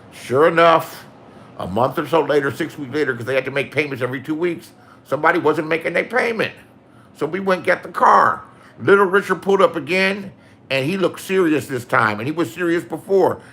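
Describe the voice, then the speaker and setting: A man's voice: a little high, pushed and bright. A man in his sixties telling rambling, profane anecdotes in a casual storytelling style, acting out the people in them.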